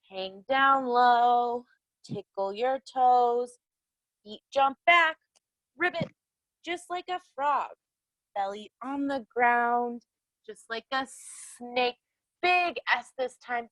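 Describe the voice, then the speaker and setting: A woman's voice: a little high, lively intonation, slow, fairly bright tone, dry recording, highs cut off. A young woman leading a children's yoga class outdoors, cheerful and encouraging, with sing-song cues. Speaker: kids yoga instructor. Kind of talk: guided kids yoga class. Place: outdoors in a yard.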